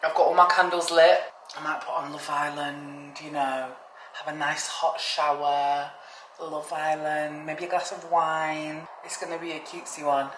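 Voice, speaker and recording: A woman's voice: low voice, little pitch movement, normal speed. A young British woman vlogging in a casual, bubbly way, talking straight to her viewers. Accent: British English. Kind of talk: casual vlog chat. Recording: echoey room with background noise.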